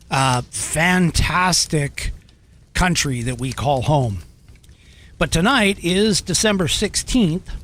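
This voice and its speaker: A man's voice: on the high side, fairly bright tone, slight background noise. A male podcast host reading a history segment, with chatty digressions and hesitant fillers while he searches his notes.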